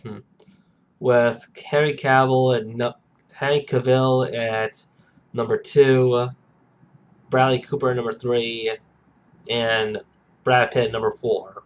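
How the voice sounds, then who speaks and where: A man hosting a casual podcast, rambling and halting, with lots of "uh" and "and" between thoughts. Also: mid-range voice, steady tone, clean tone. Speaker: podcast host. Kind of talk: casual chat.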